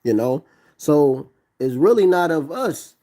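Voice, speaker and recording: Emphatic preaching man, higher voice. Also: big pitch swings, takes it slowly, mellow. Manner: emphatic, preachy, reads scripture aloud. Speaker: religious commentator. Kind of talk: preaching commentary on a clip.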